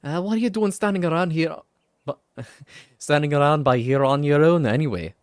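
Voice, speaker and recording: A man's voice: fairly high pitch, fairly quick, clear, resonant tone, no room sound, studio quality, voice pushed up, close to an everyday voice. Drippy, a man doing a brash fairy. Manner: brash, teasing, shouty. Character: cheeky bossy little male fairy companion.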